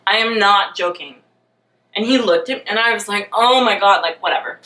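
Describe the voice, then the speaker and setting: A young woman telling a dating story in a storytime vlog, animated, sarcastic and self-mocking. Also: medium pitch, moderate pace. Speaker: vlogger. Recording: roomy, mic at a distance.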